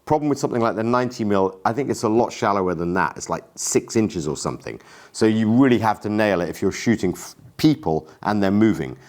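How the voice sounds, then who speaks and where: A man's voice: on the low side, animated, brisk, darkish tone. A man in a casual gear review vlog, talking enthusiastically and self-deprecatingly. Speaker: camera gear vlogger.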